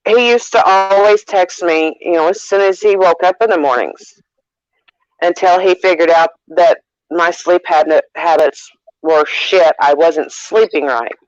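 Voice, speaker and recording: A man with a somewhat high voice rambles through a casual conversation, pausing on fillers and restarting his sentences. The sound is dull and lo-fi, close and dry with no room echo. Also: clear, resonant tone. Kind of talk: casual chat.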